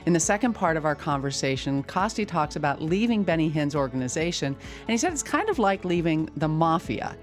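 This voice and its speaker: A woman's voice: deep voice, sing-song, a little fast, hardly any pauses, faint music behind. A woman hosting an interview, recalling her own experiences in a reflective way and then wrapping up the episode. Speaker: host. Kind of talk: interview and closing wrap-up.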